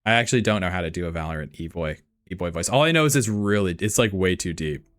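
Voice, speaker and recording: A man's voice: low-pitched, animated, fast, fairly bright tone, dry recording. Casual male streamer who laughs a lot and swears freely. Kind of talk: live reaction stream.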